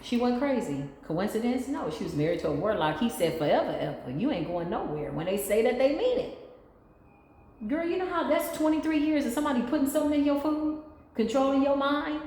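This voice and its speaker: A woman's voice: sits high, lively intonation, fairly quick, a little mellow. A woman giving a casual spiritual reading, talking in an emphatic, rambling, slangy and blunt way. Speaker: intuitive spiritual reader. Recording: echoey room with long reverb and faint noise.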